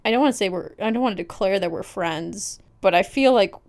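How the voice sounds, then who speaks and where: A woman's voice: medium pitch, fairly quick. Young woman podcast cohost, rambly, pokes fun at herself, just chatting. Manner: rambling storytelling, self-deprecating. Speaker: podcast co-host. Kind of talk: casual chat.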